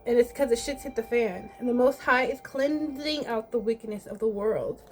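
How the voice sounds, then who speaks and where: A woman's voice: on the high side, normal speed, faint music behind. A woman giving a casual tarot reading in a blunt, sassy, profane way. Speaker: tarot reader.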